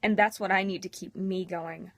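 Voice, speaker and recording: A woman's voice: lowish voice, fairly even intonation, normal speed, a bit bright, no room sound. A young woman talking candidly and emotionally to her camera in a personal vlog, with a self-mocking edge. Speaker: vlogger.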